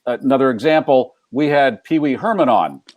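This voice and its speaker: A man's voice: mid-range voice, lively intonation, moderate pace, darkish tone. An older American man from the United States, hosting a talk show in a joking, playful way and riffing with puns. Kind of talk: casual interview chat.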